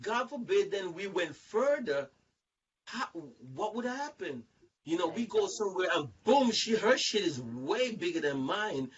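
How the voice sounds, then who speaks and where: A man hosting a casual group talk, telling stories in an animated, rambling way, repeating words and acting out other people's lines. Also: high voice, unhurried, distant mic, muffled recording, slight background noise. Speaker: show host. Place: online video chat.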